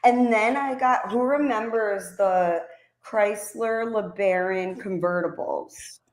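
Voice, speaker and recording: A woman's voice: mid-range voice, slow pace, roomy sound. A woman guest on a casual livestream chat, telling stories about her family in a chatty way and laughing often.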